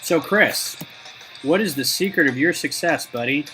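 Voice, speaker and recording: A man's voice: a little high, expressive, normal speed, sharp tone, low-quality recording. A man live-streaming as he builds, chatting with viewers in a rambling, casual way. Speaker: Lego designer live-streaming. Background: background music.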